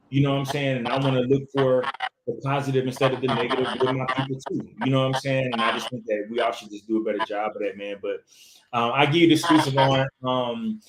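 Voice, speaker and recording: A man, an actor, talking casually in an interview, animated and full of restarts and fillers. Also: mid-range voice, echoey room, noisy background. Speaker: actor, podcast guest.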